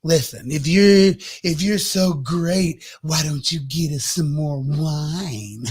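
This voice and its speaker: A man's voice: a little high, slow pace, husky. A man voicing a tipsy, belligerent middle-aged mother who slurs and guilt-trips. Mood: drunk, accusing. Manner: slurring, needy, guilt-tripping.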